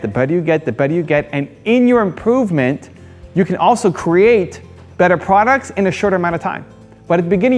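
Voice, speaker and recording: A man with a slightly high voice delivers a motivational vlog monologue straight to his viewers. He talks earnestly, circling back to the same phrases and posing rhetorical questions. Faint music plays underneath. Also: a little mellow. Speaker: channel host.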